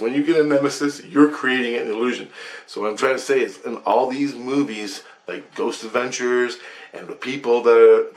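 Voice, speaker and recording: A man telling a rambling story about his dreams, profane and agitated. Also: on the low side. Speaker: vlogger.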